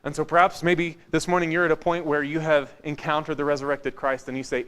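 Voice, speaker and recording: A man with a somewhat high voice delivers a sermon in a church. His tone is conversational and joking, and he turns quiet and intimate on his key points. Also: fast talker, hardly any pauses, smooth. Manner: conversational and wry, swinging from lively to hushed. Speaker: preacher.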